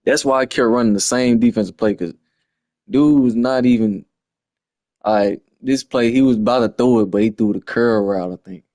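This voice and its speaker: A man's voice: medium pitch, steady tone, normal speed, warm tone, no room sound. A man, breaking down a lost football video game in a frustrated, slangy ramble on a livestream. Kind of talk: casual game replay breakdown.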